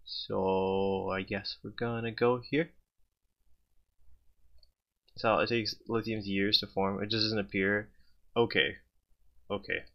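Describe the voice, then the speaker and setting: A man's voice: lowish voice, flat delivery, slow, pauses often, lo-fi sound. A young man streaming a game, chatting with his viewers in a sarcastic, talkative way. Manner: sarcastic, chatty, talks to chat. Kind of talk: casual gameplay commentary.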